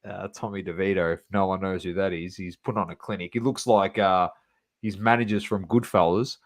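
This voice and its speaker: A man's voice: low voice, steady tone, fairly quick. A man co-hosting a sports podcast, running through scores casually with plenty of fillers and banter. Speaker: podcast co-host.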